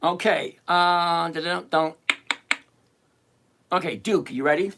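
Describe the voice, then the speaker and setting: Loud animated guy running a livestream, highish voice, calling out chat names. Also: slow pace, noisy background. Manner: brash, animated and teasing, reading chat names aloud. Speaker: livestream host answering chat questions on covered-call trading. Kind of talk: live-stream chat.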